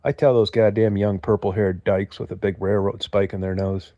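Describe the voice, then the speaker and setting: A man's voice: lowish voice, little pitch movement, normal speed, no room sound, muffled recording. Profane, rambling older man. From United States. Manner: profane, gruff, talks to chat viewers. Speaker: livestream host. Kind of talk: casual rambling monologue.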